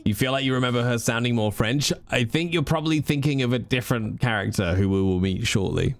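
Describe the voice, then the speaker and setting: A man's voice: mid-range voice, fast talker, gravelly, no room sound. A man chatting casually and jokingly while streaming a game. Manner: chatty, rambling, jokey. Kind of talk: casual live-stream commentary.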